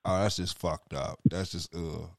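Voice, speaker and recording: A man's voice: deep voice, fairly even intonation, measured pace, creaky, noisy background. A man in profane, casual podcast chat who tells stories animatedly and laughs often.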